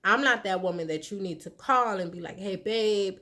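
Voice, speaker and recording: Her voice sits fairly low, with an animated, brisk delivery and a sharp edge. She's a vlogger in her thirties handing out relationship advice, frankly and conversationally telling viewers about her marriage and acting out what others said.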